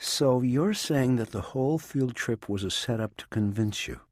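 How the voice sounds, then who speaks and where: A man's voice: medium pitch, normal speed, a little mellow, dry recording, clean studio sound, pitched above the performer's own voice, lightly acted. A man voicing a skeptical female federal agent in an audiobook, pushing back with doubting questions. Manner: doubting, pushes back hard.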